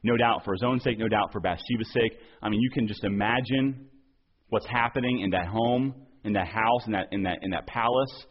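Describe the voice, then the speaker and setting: A man's voice: on the low side, fairly quick, slightly rough, muffled recording. A man preaching a sermon as pastor, earnest, often repeating and restarting words as he presses his point.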